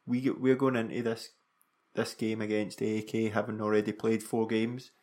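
A man's voice: on the low side, level tone, moderate pace, a little mellow. A Scottish man co-hosting a football podcast, making his points earnestly and emphatically. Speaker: podcast co-host. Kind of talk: casual football podcast chat.

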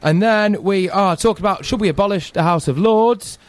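A man who hosts the next radio show, previewing it in a brisk, joking way. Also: sits high, no room sound. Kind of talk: casual radio chat.

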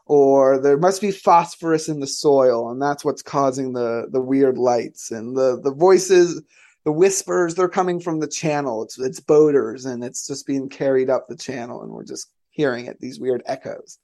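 A man voicing a level-headed, skeptical woman homeowner who calmly explains things away. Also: medium pitch, normal speed, lightly acted. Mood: dismissive.

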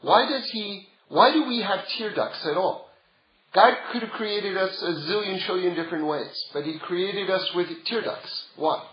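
High-voiced man teaching a Torah class. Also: normal speed. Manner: conversational, builds to emphatic. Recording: roomy, dull lo-fi sound.

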